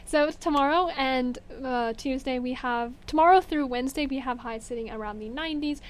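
A young woman giving a bubbly, excited weather update and reading a sponsor message. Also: high-pitched, moderate pace. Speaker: weather presenter.

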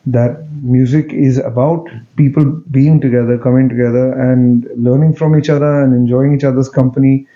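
A man, answering interview questions in a relaxed, joking way with many fillers and restarts. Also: medium pitch, moderate pace, few pauses, highs cut off. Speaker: interview guest, music director.

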